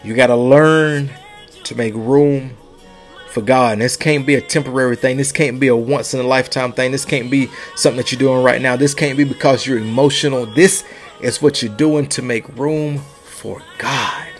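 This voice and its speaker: A man's voice: medium pitch, steady tone, moderate pace, soft background music. A man preaching a sermon, pleading and repeating his lines with rising and falling intensity.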